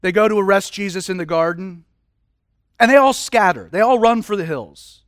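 A man preaching a sermon in a casual, animated way, with humorous asides. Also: high-pitched, normal speed, dry recording, studio quality. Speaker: pastor.

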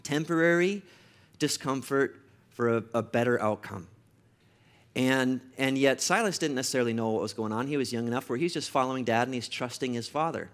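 A man's voice: medium pitch, fairly quick. A man in his thirties, a pastor, telling a personal story in a sermon, his delivery rising to emotional emphasis.

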